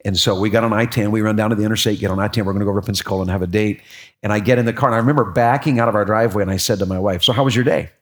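A middle-aged man preaching a sermon, telling a personal story with lively repeats and sudden rises in his voice. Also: lowish voice, racing. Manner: animated storytelling, repeats words, voice jumps up when excited. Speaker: pastor.

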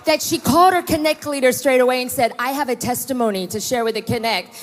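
A middle-aged woman pastor preaches with animated energy, telling stories between points. Her voice sits fairly high and rings with a long reverb around a church hall. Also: fast talker. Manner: animated preaching with storytelling asides. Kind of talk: sermon.

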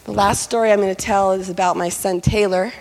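A middle-aged woman telling personal stories to an audience, lively and candid. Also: medium pitch, fairly quick, long reverb tail. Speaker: speaker. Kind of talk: personal storytelling talk.

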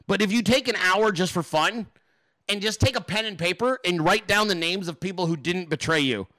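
Man, livestream host, high voice, dry close sound, profane emphatic rant, talks to chat. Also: bright, forceful tone, no room sound. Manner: emphatic, profane, rambling, addresses viewers and chat directly. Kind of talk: casual profane political rant.

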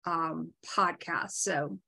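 A woman's voice: deep voice, steady tone, drawn-out words, gravelly, bright, forceful tone. A woman co-hosting a podcast, chatting casually and agreeably. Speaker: podcast co-host. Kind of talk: casual chat.

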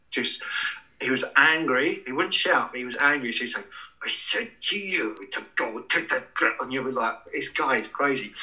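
A man's voice: mid-range voice, pushed and bright, low-quality recording. A man, telling a long anecdote in an interview in a rambling, casual way with many restarts. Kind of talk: casual storytelling.

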